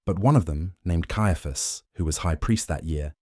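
A man narrating scripture in a steady, measured way. His voice is very deep and mellow. It is recorded dry and close, with no room sound. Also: slightly rough, dry recording. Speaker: scripture reader.

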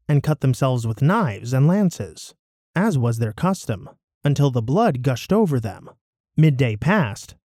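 A man narrating a scripture passage in a measured, expressive way, his pitch moving widely across phrases. His tone is mellow and soft-edged. The recording is dry and close, with no room sound. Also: no echo. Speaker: scripture reader.

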